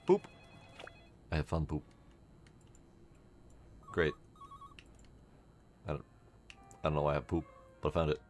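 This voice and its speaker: A man with a very low voice talks through a game at an unhurried pace. He gives wry, mumbled running commentary and reads the on-screen text aloud. Faint music plays underneath. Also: level tone, a little mellow. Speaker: streamer. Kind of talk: casual gameplay commentary.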